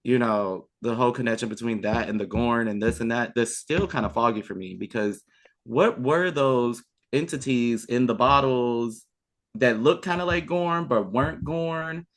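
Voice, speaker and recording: A man's voice: medium pitch, moderate pace. Chatty man, a podcast guest. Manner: chatty and enthusiastic, trailing fillers. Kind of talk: casual chat.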